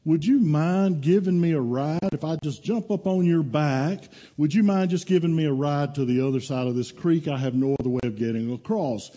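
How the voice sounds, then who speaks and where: A man's voice: on the high side, moderate pace, hardly any pauses, warm tone, highs cut off, pitched above the performer's own voice, lightly acted. A man voicing a sly male scorpion who sweet-talks, then answers coldly. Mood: wheedling. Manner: smooth, wheedling, matter-of-fact.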